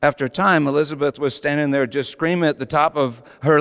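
A middle-aged man preaching a sermon as pastor, animated, swinging from soft asides to shouting. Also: a little high, brisk, few pauses, smooth. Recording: long hall reverb.

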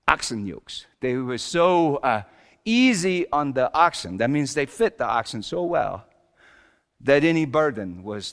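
Brief: man as Joseph, humble carpenter father; folksy, chuckling storyteller, high pitch, reverberant hall. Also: a bit bright, exaggerated voice. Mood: jovial. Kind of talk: first-person dramatic monologue.

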